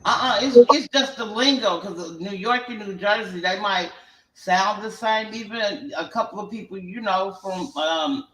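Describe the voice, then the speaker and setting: A man's voice: high voice, measured pace, sharp tone, roomy sound, rough recording. A man from Chicago chatting casually on an open panel, joking and slangy. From Chicago, Illinois. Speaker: panel participant. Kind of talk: casual chat.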